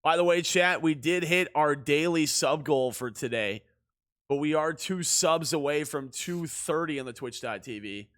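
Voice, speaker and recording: A man's voice: fairly high pitch, moderate pace, a bit bright. A man streaming a baseball video game, joking and ribbing his chat in casual commentary. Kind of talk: casual livestream gaming commentary.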